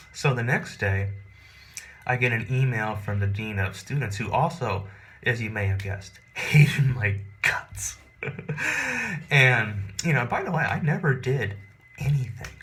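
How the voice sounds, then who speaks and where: A man telling a personal story in a rambling, animated, profane, casual way. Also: medium pitch, slow pace, long pauses, a little hiss or hum.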